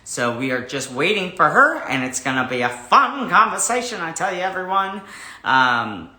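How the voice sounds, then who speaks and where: A man hosting a livestream, greeting viewers and chatting in a rambling, animated way before an interview. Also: fairly high pitch, moderate pace, echoey room. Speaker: host. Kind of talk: casual livestream chat.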